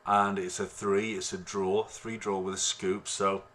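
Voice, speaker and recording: A man's voice: deep voice, measured pace, heavy background noise. Rambling man teaching harmonica online. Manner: relaxed, rambling explanations with many fillers. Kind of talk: online music lesson. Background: harmonica playing.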